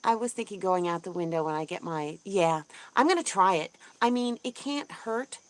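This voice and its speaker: A woman hosting a casual livestream, chatting in a rambling way with lots of ums and restarts and greeting viewers brightly. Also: lowish voice, animated, normal speed, no room sound. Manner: bubbly, voice jumps up when greeting viewers. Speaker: homesteading channel host. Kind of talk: casual livestream chat, reading viewer comments.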